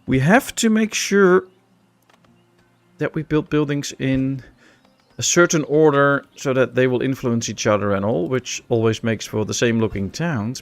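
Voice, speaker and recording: A gaming streamer with a Dutch accent gives laid-back live-stream commentary, chatting with viewers and answering chat with jokes. His mid-range voice has some vocal fry.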